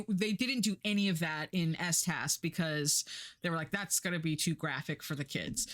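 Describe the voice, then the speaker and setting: A woman's voice: on the low side, a bit bright. A woman streamer chatting casually and profanely, rambling with many fillers and acting out quoted characters.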